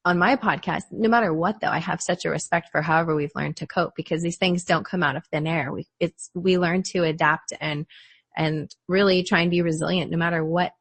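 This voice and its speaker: Woman psychologist, reflective and chatty, lower voice, dry close sound. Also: fairly even intonation, brisk, breathy edge, dry recording. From United States. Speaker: psychologist, podcast guest. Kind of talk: casual conversation.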